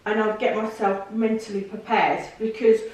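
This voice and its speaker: A woman, a podcast guest telling her story in casual chat, emotional and animated, with put-on voices for the people she quotes. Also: mid-range voice, normal speed. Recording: echoey room from a distance.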